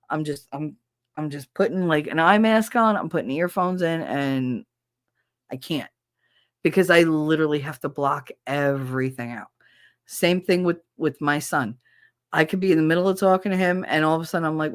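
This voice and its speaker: A woman with a low-set voice hosts her podcast in an open, emotional monologue. She talks bluntly, swears without a second thought and keeps circling back to restart her sentences. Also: normal speed. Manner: rambling with frequent restarts. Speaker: podcast host.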